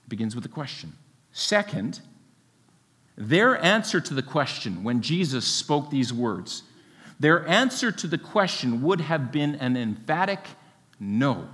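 A man preaching a sermon, expressive and full of rhetorical questions, with a light laugh now and then. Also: medium pitch, unhurried. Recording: long hall reverb.

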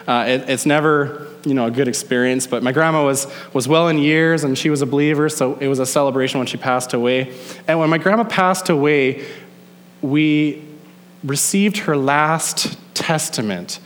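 Young pastor, man, conversational sermon, drawn-out emphasis, echoing hall sound. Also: a little high. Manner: conversational preaching, stretches key words slowly. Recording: long hall reverb.

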